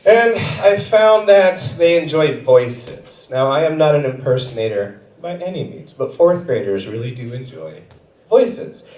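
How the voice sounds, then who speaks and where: A young man doing a stand-up set on a theater stage, with lively, animated storytelling and a fairly high voice. He sounds distant from the mic, and the room is roomy and echoing. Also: a little slow. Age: young adult. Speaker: stand-up comedian and schoolteacher.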